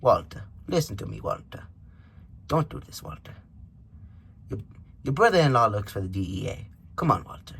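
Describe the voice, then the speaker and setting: A man doing a hushed mafia boss voice. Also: very animated, normal speed, creaky, pauses often, slight background noise, exaggerated voice. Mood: hushed menacing. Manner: low, hushed, pleading-threatening mutter. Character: plumber hero as a menacing male mafia boss. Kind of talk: comic impression in a toy review.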